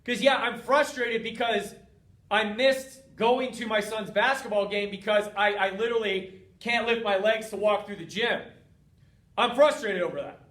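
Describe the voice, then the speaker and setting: A man hosting a motivational talk, speaking directly to his listeners in an energetic, coaching way. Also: high voice, moderate pace. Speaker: host. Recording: roomy, distant from mic.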